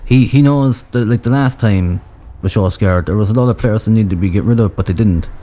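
A man's voice: on the low side, brisk, mellow, a little hiss or hum. A man chatting casually about football as a co-host, talking hesitantly with many restarts.

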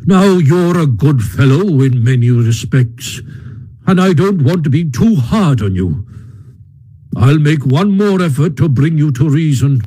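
A man doing Badger, a stern, husky old badger. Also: on the high side, animated, dark tone, poor audio. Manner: stern, measured, lecturing. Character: stern old male badger, severe elder. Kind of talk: audiobook character reading.

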